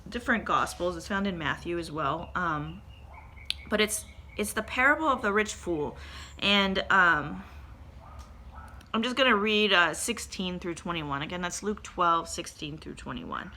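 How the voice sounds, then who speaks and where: A woman's voice: lowish voice, animated, unhurried, pushed and bright, a little hiss or hum. A young woman giving an earnest, conversational church devotional, reading scripture and asking rhetorical questions.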